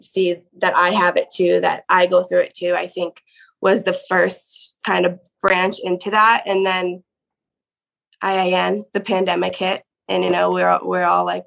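Woman, podcast guest, casual storytelling, gravelly vocal fry, chatty, lots of "like". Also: lowish voice, level tone, unhurried, a bit bright, low-quality recording. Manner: chatty, peppered with "like".

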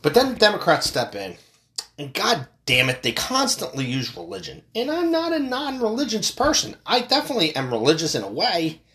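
Profane, animated man ranting. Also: high-pitched, normal speed. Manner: profane, rambling, animated ranting with frequent restarts. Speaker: podcast host. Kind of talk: solo podcast rant.

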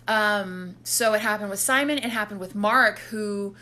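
A woman casually recapping a horror film plot, animated and quick to act out the characters' lines. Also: mid-range voice. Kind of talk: casual movie recap chat.

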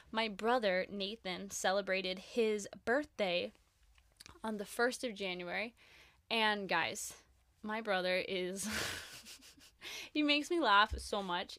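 A young woman chats on her faith podcast in a bubbly, effusive way, full of "like"s and warm gushing praise. Her voice sits at a middling pitch. The sound is close and dry. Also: dry recording. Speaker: podcast host. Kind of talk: casual faith podcast chat.

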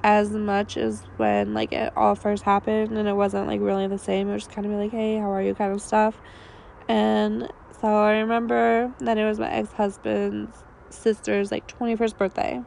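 A woman, co-hosting a podcast, telling a long personal story in a raspy voice with many fillers while losing her voice. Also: mid-range voice, normal speed, darkish tone, a little hiss or hum. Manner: rambling, filler-heavy storytelling. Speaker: podcast co-host. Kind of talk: casual storytelling chat.

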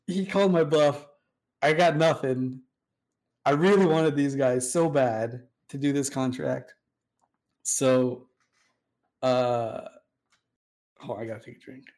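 A man's voice: medium pitch, slow, pauses often, a little mellow. A man casually telling a long story about past online game politics, with lots of swearing and self-mocking asides. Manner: laid-back, profane, self-mocking, acts out quoted dialogue.

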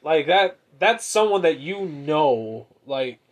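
A man's voice: on the high side, big pitch swings, takes it slowly. A man co-hosting a casual podcast, talking bluntly and indignantly, with lots of swearing. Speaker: podcast co-host.

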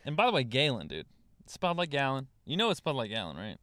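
Young guy rambling and cussing in a car podcast, smooth voice, dead dry sound. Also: mid-range voice, huge pitch swings, quick pace, bright, forceful tone, no room sound. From Louisiana. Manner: rambling, swears freely, laughs often. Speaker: comedian guest. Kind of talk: casual podcast chat. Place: inside a car.

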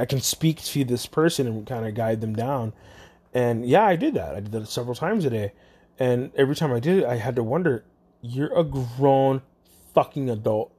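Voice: medium pitch, a little mellow, breathy edge. A speaker, talking casually and bluntly about phone customer service work, with lots of swearing. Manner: blunt, profane, chatty. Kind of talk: casual monologue to camera.

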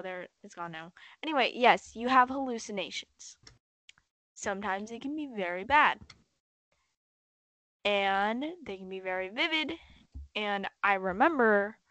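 A woman's voice: mid-range voice, bright, forceful tone, no echo. A young woman chatting casually who rambles, swears freely and says "like" a lot. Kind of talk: casual chat.

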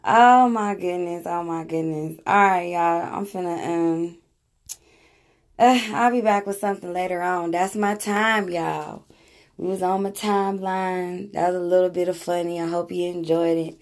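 A woman's voice: lowish voice, steady tone, normal speed. A woman vlogger chatting casually and laughing as she reacts to clips from her timeline.

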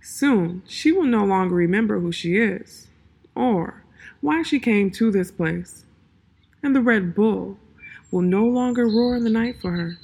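A woman voicing a proud, sleepy male cat who speaks slowly and softly in riddles, with a breathy voice. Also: mid-range voice. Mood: aloof, solemn. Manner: slow, soft, sleepy drawl.

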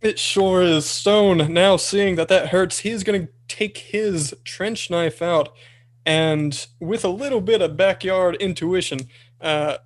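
A man's voice: sits high, takes it slowly. A man playing a tabletop game, narrating his character's action. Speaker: player. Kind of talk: casual game chat.

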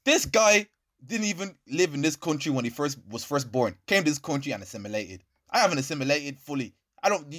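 A man's voice: a little high, fairly quick. A young man with an Irish accent, co-hosting a podcast and pressing his point in casual banter. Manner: animated, argumentative, keeps pressing his point. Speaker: podcast co-host. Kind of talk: casual banter among friends.

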